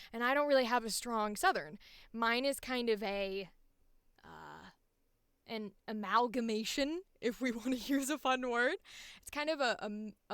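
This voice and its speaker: A woman's voice: a little high, a bit bright, clear, resonant tone, no echo, clean studio sound. A young woman, a voice actor, chatting casually and bubbly on a livestream, rambling and laughing often. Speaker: voice actor streamer.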